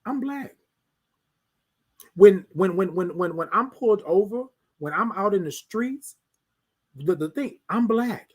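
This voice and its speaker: A man with a high, husky voice hosts a live stream from his home. His pitch swings widely as he preaches, circling back to the same rhetorical questions again and again. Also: animated, a little slow, darkish tone. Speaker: host of a live talk stream. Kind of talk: motivational live-stream talk.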